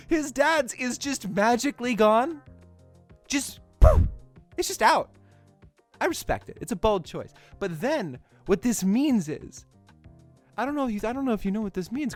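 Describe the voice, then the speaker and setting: A young adult film commentator delivering a comedic, profanity-laced rant, self-mocking and animated. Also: mid-range voice.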